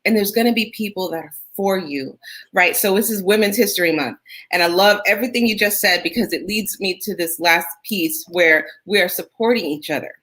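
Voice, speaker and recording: A woman hosting a talk show interview over a video call, encouraging her guest with quick affirmations. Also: medium pitch, fairly bright tone. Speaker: host.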